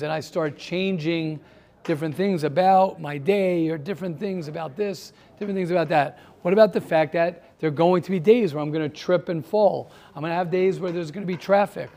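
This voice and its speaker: A man with a notably high voice leads a class discussion. He talks in a stream of rhetorical questions, repeating phrases as he presses his point. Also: darkish tone. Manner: rhetorical questions, repeats himself, grows heated. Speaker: teacher. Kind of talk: classroom talk with students.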